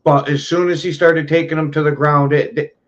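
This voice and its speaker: A man co-hosting a podcast in casual chat, speaking in a measured, conversational way. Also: a little high, flat delivery, highs cut off. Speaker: podcast co-host.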